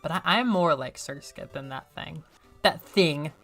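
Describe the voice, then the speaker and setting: Chatty woman streaming a game, bright-toned. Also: low-pitched, unhurried, faint music behind. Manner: chatty, excitable, self-deprecating. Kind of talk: casual gameplay commentary.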